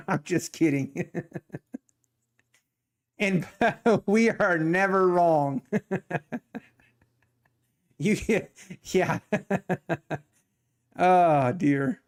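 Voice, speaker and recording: A man's voice: high voice, extremely slow, pauses often. A middle-aged man chatting casually on his live trading stream, joking, laughing often and rambling as he answers viewer chat. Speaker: live-streaming day trader.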